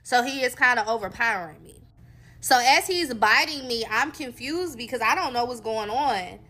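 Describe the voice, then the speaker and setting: A woman's voice: a little high, animated, normal speed, sharp tone. A woman from North Carolina, candidly telling viewers her own story in a casual, conversational way. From North Carolina, USA.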